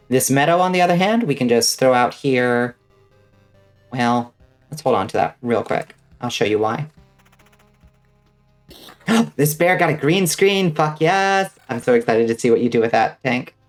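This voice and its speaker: A woman's voice: very deep voice, darkish tone. Chatty rambling woman streamer. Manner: rambling, chatty, lots of fillers and swearing. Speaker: vtuber streamer. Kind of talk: casual gaming stream chat.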